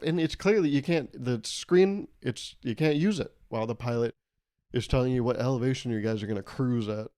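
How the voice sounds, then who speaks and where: A man's voice: mid-range voice, fairly quick, darkish tone. Young male podcast host, rambling comic monologue, swears freely. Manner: rambling, joking, laughs often, swears. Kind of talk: casual solo podcast monologue.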